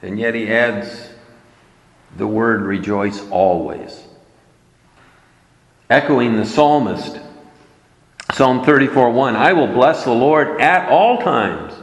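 A man's voice: mid-range voice, lively intonation, slow, creaky, pauses often, reverberant, in a large hall, low-quality recording. A man preaching a sermon, emphatic and repeating his key words for weight.

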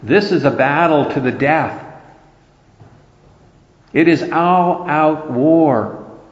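Slow, earnest preacher in an echoey hall. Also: male voice, a little high. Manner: earnest, emphatic preaching with scripture quotes. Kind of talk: sermon. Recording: roomy, dull lo-fi hall recording.

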